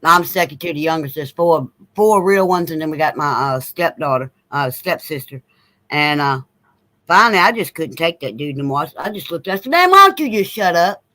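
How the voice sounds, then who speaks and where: A man's voice: fairly high pitch, fairly quick, pushed and bright, no echo, rough recording. A man telling a long story in casual chat, blunt and repeating himself as he goes. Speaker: co-host.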